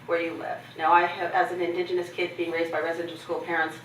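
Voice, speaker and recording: A middle-aged woman with a fairly low voice gives a keynote address, mixing candid personal stories and humor. She is recorded from a distance in an echoey conference hall. Faint noise stays underneath her voice throughout. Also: little pitch movement, quick pace. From Canada. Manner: candid, humorous, acts out others' lines. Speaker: keynote speaker.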